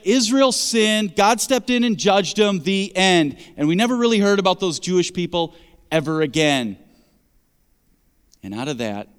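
Male pastor preaching, emphatic, a little high, long church-hall reverb. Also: clean tone. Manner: emphatic, conversational preaching with rhetorical questions. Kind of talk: sermon.

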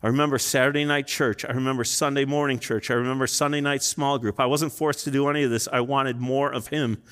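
He's a pastor in his fifties, preaching earnestly and emotionally about his own experiences in a church sanctuary. A fast talker, he has a steady, medium-pitched voice that is clear, resonant and a bit bright, under the large hall's long reverb.

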